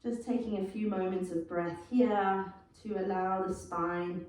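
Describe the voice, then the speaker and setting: Calm South African woman in echoey room. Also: mid-range voice, a little slow, far from the mic. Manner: calm, encouraging cues with soft asides. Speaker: yoga instructor. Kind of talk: guided yoga class instruction.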